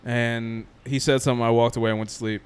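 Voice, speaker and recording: A young man from New Jersey casually tells friends a long story, acting out what others said and laughing often. His mid-range voice is clear and resonant, and he talks fast in an animated way.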